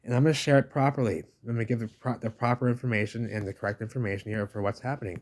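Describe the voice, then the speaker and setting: A man's voice: lowish voice, darkish tone. A man giving a casual, rambling voice-over commentary, enthusiastic and repetitive, often calling the listener baby. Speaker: video narrator.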